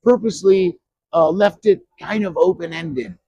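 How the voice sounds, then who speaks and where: A man around sixty telling stories from his acting past in an interview, animated and quick to act out what others said. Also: high-pitched, creaky, slightly rough, no echo, dull audio. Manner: animated, acts out quoted voices, frequent restarts. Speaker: actor guest at a horror convention. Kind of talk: anecdotal interview storytelling. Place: convention interview.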